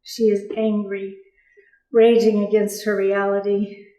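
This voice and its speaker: A woman voicing a calm female meditation guide in slow, deliberate, hushed narration, recorded with roomy stage sound from far off. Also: mid-range voice, lightly acted. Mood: solemn.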